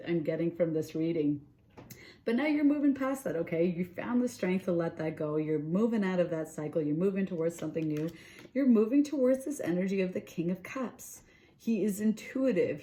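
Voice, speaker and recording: A woman giving a casual tarot reading. She is chatty and animated, often checks in with "okay?" and "right?", and acts out inner thoughts in quoted asides. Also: lowish voice. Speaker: tarot reader.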